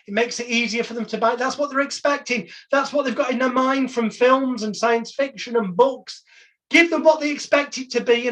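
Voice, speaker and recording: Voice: medium pitch, a bit bright. This is a hypnotherapy trainer running a live online lesson, talking to the class plainly and informally. Now and then the trainer breaks into snatches of hypnotic patter to show how it sounds. The sound comes through a video-call connection. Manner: conversational, demonstrating voice tones with hypnotic patter.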